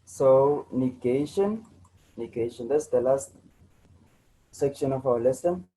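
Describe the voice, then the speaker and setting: A man's voice: mid-range voice, takes it slowly, warm tone, poor audio. A man teaching an online grammar lesson, repeating himself and checking in with students as he goes. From South Africa. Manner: repetitive, restarts often, checks in with "right?" and "you know".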